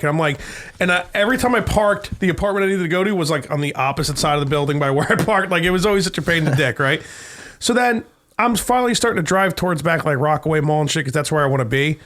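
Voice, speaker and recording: Podcast co-host, man, fairly high voice, rambling and profane, mimics people mid-story. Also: fairly bright tone. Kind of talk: casual chat.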